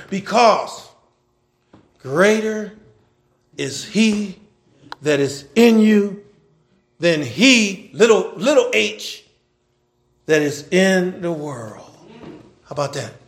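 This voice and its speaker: Gravelly high-pitched male preacher. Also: expressive, unhurried, long pauses. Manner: swings between loud shouting and low, quiet asides; colloquial preacher, repeats words and restarts. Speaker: pastor. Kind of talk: sermon.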